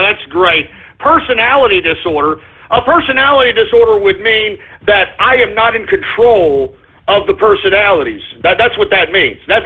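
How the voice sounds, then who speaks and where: A male talk radio host rants combatively, repeating his points with heavy emphasis. His high voice has a husky, raspy edge. The audio is narrow and tinny, like a phone line. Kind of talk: ranting talk radio monologue.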